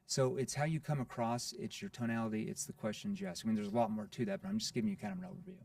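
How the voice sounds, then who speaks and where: A man guest on a podcast interview, explaining sales in an energetic teaching way, often asking rhetorical questions like "right?". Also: on the low side, racing, creaky, no echo, clean studio sound, recorded from a distance.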